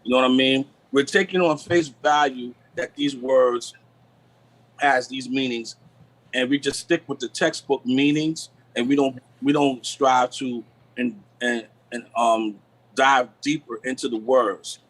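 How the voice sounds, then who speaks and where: A man on a live video call, explaining the deeper meanings of words in a preachy, repetitive way. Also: fairly even intonation, measured pace, fairly bright tone, rough recording. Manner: preachy, repeats "you know what I'm saying". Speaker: guest. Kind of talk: live stream talk on word meanings.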